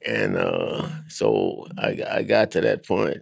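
A man, telling his life story as a guest in a halting way with restarts. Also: low-pitched, huge pitch swings, no echo. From Alabama. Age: 90s. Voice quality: gravelly. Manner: halting, with restarts and repeated words.

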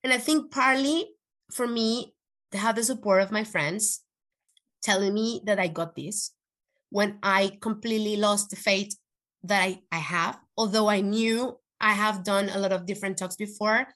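A woman guest in an interview, telling an emotional personal story in an earnest, animated way, with frequent restarts. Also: medium pitch, moderate pace. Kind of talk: conversational podcast interview.

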